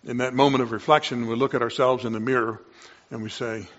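A man preaching a sermon, moving between quiet reflection and loud, excited exclamations. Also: mid-range voice, fast, dull audio. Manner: impassioned, swings from quiet to loud.

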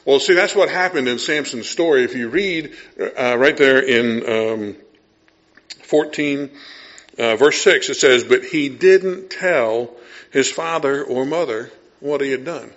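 A middle-aged male pastor preaching a sermon, acting out scenes and voices, dropping to a hush and then rising loud. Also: medium pitch, measured pace, dull audio.

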